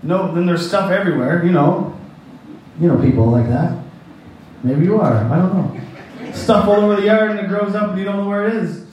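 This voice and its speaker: A man's voice: high voice, expressive, moderate pace, a little mellow, lo-fi sound, slight background noise. A man preaching a sermon who tells a personal story in a rambling, folksy way and laughs at his own jokes. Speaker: pastor. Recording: echoey hall, distant mic.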